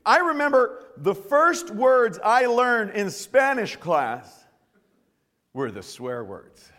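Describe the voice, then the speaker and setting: Animated joking pastor in a reverberant church. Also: male voice, sits high, slow pace. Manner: lively, joking storyteller with frequent restarts. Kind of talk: sermon with prayer and personal stories. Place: church service. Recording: long reverb of a church hall.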